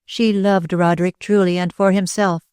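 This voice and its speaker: Storybook part: a loyal young woman, earnest and vehement, voiced by a woman with a low voice. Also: level tone, moderate pace, a little mellow, smooth, no echo, clean studio sound, natural voice.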